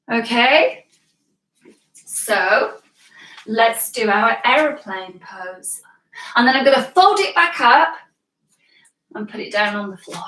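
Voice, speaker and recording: A woman's voice: on the high side, bright, forceful tone, recorded from a distance. A British woman teaching yoga to children, giving playful, encouraging step-by-step instructions. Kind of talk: guiding a children's yoga class live. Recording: echoey room, voice from away from the mic.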